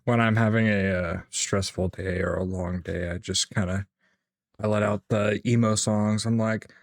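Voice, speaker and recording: Laid-back low-voiced Midwestern man. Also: fairly even intonation, normal speed, gravelly, dry recording, clean studio sound. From Midwest USA. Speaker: podcast co-host. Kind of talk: casual chat.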